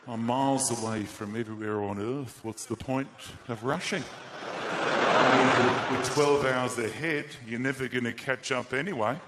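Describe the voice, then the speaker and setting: Comic doing a deep, lazy Australian drawl, no rush at all, live crowd noise behind. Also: male voice, fairly even intonation, reverberant, natural voice. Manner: drawling, very slow and unhurried. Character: laid-back unhurried Australian man. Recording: live theatre with audience noise.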